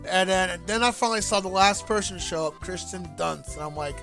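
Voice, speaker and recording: Rambly guy streaming a game, kinda high voice, jokey, faint game music behind. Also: gravelly. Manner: rambling, jokey, halting restarts. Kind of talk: casual gameplay commentary.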